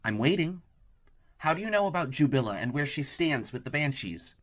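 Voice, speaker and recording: A man's voice: a little high, sing-song, fairly quick, voice pushed up. A man voicing a fierce young woman who questions sharply and confronts. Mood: demanding.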